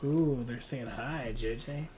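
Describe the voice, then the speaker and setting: A man's voice: medium pitch, slow, mellow, slight background noise. A man streaming a hunting game, chatting casually and teasing a friend with lots of fillers. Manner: rambling and teasing, with frequent fillers. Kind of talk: casual gaming stream chat.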